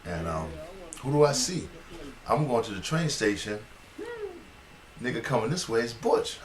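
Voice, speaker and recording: A man's voice: medium pitch, moderate pace, long pauses, reverberant, crowd noise. A man telling a funny neighborhood story in casual style, laughing and acting out voices. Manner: animated, laughs at own story, acts out voices.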